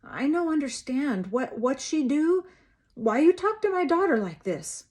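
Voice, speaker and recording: A woman's voice: high voice, very animated, measured pace, voice pushed up. Woman voicing a frantic immigrant mother. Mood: bewildered. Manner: pleading, shouting in broken English. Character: frantic Mexican immigrant mother, broken English.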